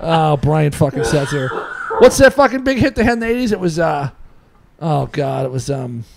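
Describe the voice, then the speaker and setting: A man's voice: a little high, sing-song, moderate pace, gravelly, a little mellow. A man co-hosting a casual podcast, ranting, swearing and laughing as he talks. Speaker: podcast co-host. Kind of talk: casual profane podcast banter. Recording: noisy podcast recording.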